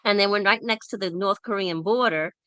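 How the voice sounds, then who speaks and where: A woman hosts a casual group discussion over an online call, telling stories and animatedly acting out the people in them. Her mid-range voice is brisk and smooth, with no echo.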